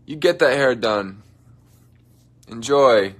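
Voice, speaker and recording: With an animated, medium-pitched voice and a brisk pace, a young livestream host jokes with viewers and reads their comments from his dressing room. His playful chatter occasionally slips into soft mumbles.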